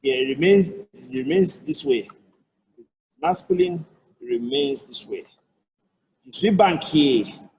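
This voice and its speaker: Nigerian man, french tutor, husky voice, fairly high pitch, patient repetition. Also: animated, mellow, highs cut off. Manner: explains patiently, repeats phrases, slow careful French examples. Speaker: language tutor. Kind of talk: online language lesson.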